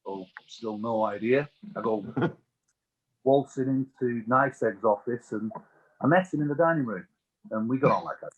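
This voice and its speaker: Husky British man telling stories. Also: medium pitch, normal speed, dull audio. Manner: chatty, animated storyteller. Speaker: guest, business owner. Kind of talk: anecdotal interview storytelling.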